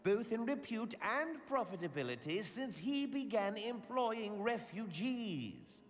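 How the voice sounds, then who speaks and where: An actor playing a haughty noble who speaks with formal, sneering disdain in a game cutscene. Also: male voice, sits high, very animated, unhurried. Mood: disdainful. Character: haughty noble man scorning refugees. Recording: game cutscene with reverb and music.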